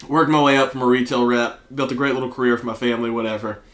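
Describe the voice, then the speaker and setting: A man's voice: medium pitch, racing. A man from the American South, a podcast co-host telling a rowdy retail story in casual, profane chat. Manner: profane, animated storyteller acting out quotes. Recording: echoey room.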